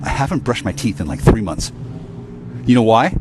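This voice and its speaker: A man's voice: mid-range voice, big pitch swings, fast talker, background noise. Profane rambling man ranting outdoors. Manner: profane, rambling, with stammered restarts and sighs. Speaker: vlogger. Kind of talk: angry rambling monologue to camera.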